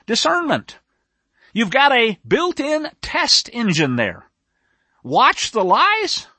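A male preacher giving an animated, emphatic sermon on a scripture story, with a self-described nerdy bent. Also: very high-pitched, slow pace, slightly rough, no echo.

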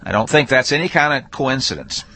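A man teaching a Torah portion in a lively, folksy, conversational way, rereading verses with shifting emphasis. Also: mid-range voice, fairly quick, no echo. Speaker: Bible teacher.

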